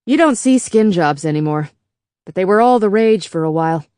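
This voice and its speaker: A woman reading a novel aloud as a measured first-person audiobook narrator. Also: medium pitch, animated, darkish tone, smooth, no room sound, studio quality. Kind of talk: scripted narration.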